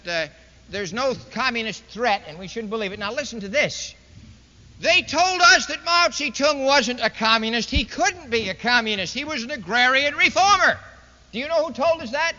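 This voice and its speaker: A man's voice: high voice, pushed and bright. Sarcastic male orator, echoey hall. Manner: sarcastic, emphatic, mocking. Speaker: political speaker addressing a university audience. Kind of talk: public lecture speech. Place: large university hall. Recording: dull lo-fi 1960s archival recording in an echoey hall.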